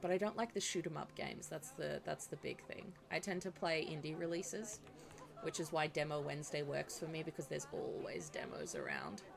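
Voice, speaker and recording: A woman's voice: sits low, animated, normal speed, vocal fry, a crowd in the background. An Australian woman streaming a game, chatting casually with a giggly, self-mocking manner. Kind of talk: casual chat while playing.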